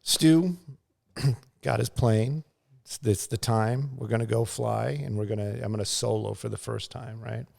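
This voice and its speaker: A man's voice: lowish voice, steady tone, measured pace, vocal fry, darkish tone. A middle-aged man, a news pilot and guest, telling a casual, rambling story full of fillers and restarts, and acting out sounds and quotes.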